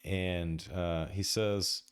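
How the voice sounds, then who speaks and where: A man's voice: low voice, fairly even intonation, drawn-out words, smooth, dry recording, clean studio sound. A man hosting a tabletop game stream in casual chat, jokey and profane, laughing often. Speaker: game master and stream host.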